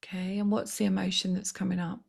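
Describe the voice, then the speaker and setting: Woman healer, guided healing session, gravelly and husky, soft coaxing delivery. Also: on the low side, steady tone. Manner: soft, slow, coaxing guidance. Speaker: spiritual healer.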